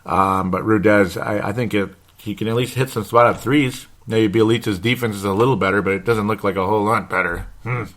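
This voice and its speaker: A man's voice: fairly low pitch, fairly even intonation, brisk, few pauses, fairly bright tone. A man hosting a sports podcast, rambling and blunt, with mild swearing and frequent chuckles. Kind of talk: casual sports commentary podcast.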